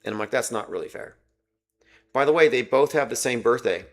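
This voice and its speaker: A man in a mid-pitched voice hosts a casual livestream, talking in a loose, rambling way with a sarcastic edge. He breaks off from his points to greet viewers and read their comments aloud. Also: lively intonation, a little fast. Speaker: livestream host.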